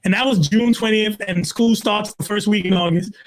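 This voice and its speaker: A man in his sixties from Brooklyn, a pastor telling his life story in an interview, emphatic and animated, leaning on "literally" and acting out his own quotes. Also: high voice, moderate pace, a crowd in the background. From Brooklyn, New York. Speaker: pastor, guest.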